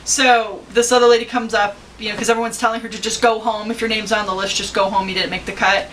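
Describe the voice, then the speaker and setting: A woman's voice: medium pitch, little pitch movement, fast, fairly bright tone, recorded from a distance, slight background noise, rough recording. A woman talking about a movie with her daughter in a chatty, rambling way, now and then acting out lines in put-on voices. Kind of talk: casual chat.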